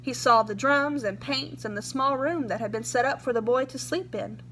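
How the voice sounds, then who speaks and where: A woman reading a story aloud in a plain, steady way. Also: sits high, normal speed, few pauses, a little hiss or hum, poor audio. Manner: plain, steady reading with an occasional self-correction.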